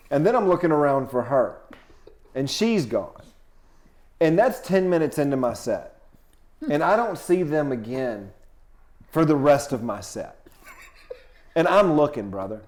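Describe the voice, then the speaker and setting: Animated profane male comedian storyteller. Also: unhurried, pauses often. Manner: animated, profane, swings between low asides and loud outbursts. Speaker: touring comedian guest.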